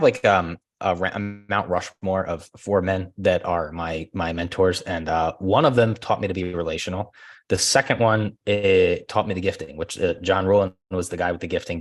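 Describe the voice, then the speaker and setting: A man in his thirties, a podcast guest chatting casually, who laughs often and acts out phone calls in lively voices. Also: deep voice, moderate pace. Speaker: guest, former real estate agent.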